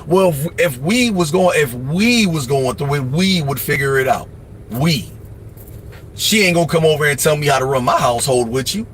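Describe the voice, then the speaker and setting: A man hosting a livestream, giving casual life advice in a blunt, profane, preachy way, often mimicking other people in quick asides. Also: on the high side, lively intonation, a bit bright, slight background noise. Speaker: livestream host.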